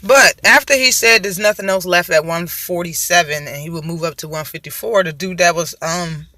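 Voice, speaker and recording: A man's voice: high voice, normal speed, sharp tone, dry recording. A man hosting his own show, giving casual, heated commentary on boxing with a profane, mocking manner.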